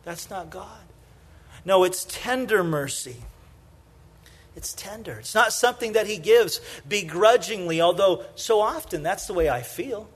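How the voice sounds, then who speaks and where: A man with a high-pitched voice delivers a sermon in a relaxed, chatty way, peppered with "you know." He tells stories with energy, then sinks into quiet, tender emphasis on his main points. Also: breathy edge. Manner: conversational preaching, many "you know" fillers; shifts from lively storytelling to soft, hushed emphasis. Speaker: pastor.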